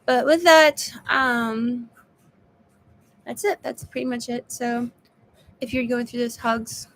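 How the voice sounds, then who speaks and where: A woman's voice: a little high, fairly even intonation, slow pace, a bit bright, a little hiss or hum. A woman giving a casual personal video update, weary and frank, sounding exhausted. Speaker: vlogger.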